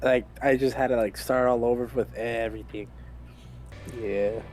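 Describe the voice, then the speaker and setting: A young man telling an animated story with laughs in casual chat as a podcast co-host. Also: medium pitch, moderate pace. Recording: clear music behind the talk.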